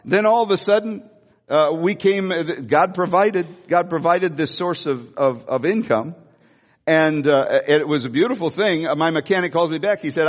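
A male pastor preaches a sermon, telling stories animatedly with emphatic repetition and frequent laughter. His voice is a little high and his pace normal. The long reverb of a large hall surrounds him.

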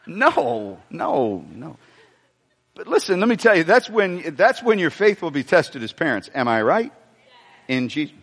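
A man preaching a sermon to a congregation, joking and asking the room questions as he goes. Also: on the high side. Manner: animated preaching with humor and asides to the congregation. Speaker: pastor. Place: church sanctuary before a congregation. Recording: long hall reverb.

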